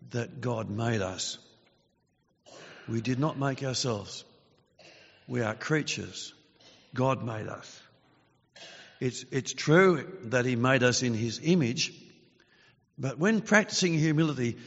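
A man preaching a sermon in an earnest, measured way, his voice growing forceful when he reads scripture. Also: medium pitch. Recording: dull lo-fi sound with long reverb.

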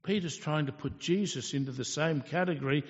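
A man's voice: on the high side, fairly quick. A man preaching a sermon in an earnest, storytelling manner, asking rhetorical questions. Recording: echoey hall, dull lo-fi sound.

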